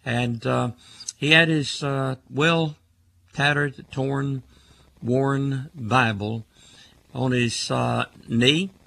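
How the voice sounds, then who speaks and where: A man's voice: mid-range voice, steady tone, drawn-out words, creaky, bright, forceful tone, dry recording. An older man hosting a call-in radio show, preaching emphatically and stacking words into rhythmic lists.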